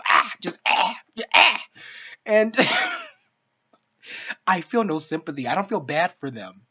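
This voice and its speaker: A woman giving a casual spoken film review, ranting in an exasperated, profane way. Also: on the low side. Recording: dull lo-fi sound.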